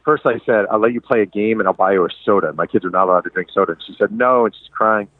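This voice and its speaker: A man's voice: lowish voice, very fast, no room sound. A middle-aged man, a sports writer and guest, telling candid, self-deprecating stories in a casual interview. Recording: tinny phone line.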